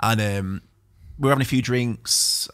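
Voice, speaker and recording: A man's voice: medium pitch, moderate pace. A young man, telling a story as a podcast guest and acting out the quotes. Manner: animated anecdote-telling, acts out quotes. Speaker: guest DJ and producer. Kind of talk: casual storytelling chat.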